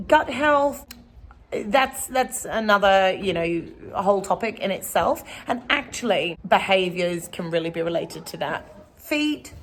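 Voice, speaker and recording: A woman, a horse trainer, talking casually and at length to a camera outdoors in a rambling vlog. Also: medium pitch. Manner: chatty and rambling.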